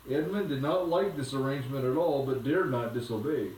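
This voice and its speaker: A man reading a storybook aloud to a child at home, in a gentle, unhurried way. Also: mid-range voice, slight background noise. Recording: echoey room from a distance.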